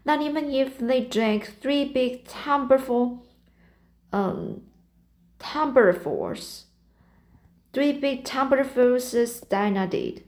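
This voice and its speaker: A woman's voice: high-pitched, very animated, slow, pauses often, a little mellow, voice pushed up, heavily acted. A woman voicing a tearful, dramatic young girl as she reads a storybook aloud, stumbling over some words. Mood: woeful. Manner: sobbing out a tale of woe, stumbling over words.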